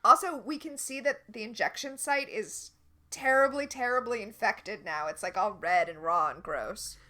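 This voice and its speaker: A woman's voice: mid-range voice, bright, forceful tone. A woman co-hosting a podcast, recapping a TV episode in casual chat with wry, critical asides. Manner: chatty, wry and quick to critique. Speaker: podcast co-host.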